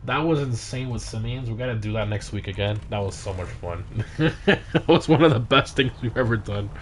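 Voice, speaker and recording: Male streamer, casual game commentary, bursts of excitement, tired, mid-pitched, light noise behind. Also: normal speed. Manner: excitable, frequent exclamations during races. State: tired, yawning. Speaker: livestream host of game car meets. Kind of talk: casual gaming livestream commentary.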